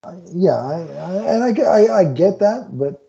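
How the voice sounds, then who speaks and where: A man's voice: sits high, lively intonation, normal speed, vocal fry, warm tone. A man co-hosting a casual chat podcast, retelling film scenes and acting out the characters' lines. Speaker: podcast co-host. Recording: dull lo-fi audio.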